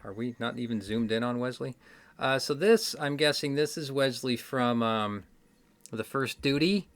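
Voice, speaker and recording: A man's voice: mid-range voice, moderate pace. A man with a Midwestern accent hosting a casual trivia video, rambling and correcting himself with wry asides. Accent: Midwestern American. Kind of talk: casual solo chat to camera. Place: indoors, card game stack behind him.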